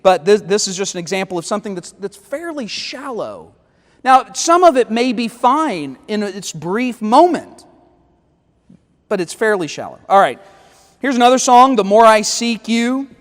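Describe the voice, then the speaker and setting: Male pastor with a high voice, dry sarcastic teaching style, church hall reverb. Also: sing-song, moderate pace. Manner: wry, critical, reads lyrics aloud with sarcastic asides. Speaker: pastor leading Bible study. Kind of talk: Bible study teaching.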